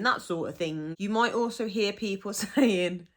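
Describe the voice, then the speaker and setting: A woman's voice: medium pitch, a little slow. A woman from the Black Country with a Black Country accent, explaining local dialect words in a chatty way, often laughing and acting out example phrases. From Black Country, England. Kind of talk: casual explanatory monologue.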